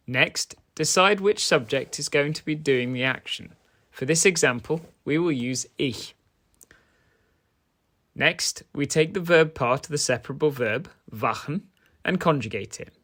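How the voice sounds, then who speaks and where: A man teaching a grammar lesson, switching between English and German in a clear, measured delivery. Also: mid-range voice, a bit bright.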